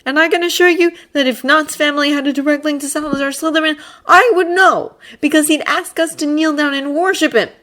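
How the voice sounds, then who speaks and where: Woman reader's boy wizard: high-pitched, exasperated, dry and cutting. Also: fairly even intonation, a little fast, hardly any pauses, a bit bright. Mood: dismissive. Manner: sardonic, exasperated, groaning. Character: sharp-tongued exasperated schoolboy wizard. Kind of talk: fan audiobook character voice.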